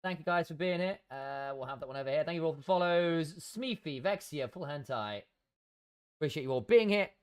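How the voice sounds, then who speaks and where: Lively, animated male game streamer. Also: a little high, fairly quick, clear, resonant tone. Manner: chatty, mutters to himself while fiddling with settings. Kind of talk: casual live-stream chat.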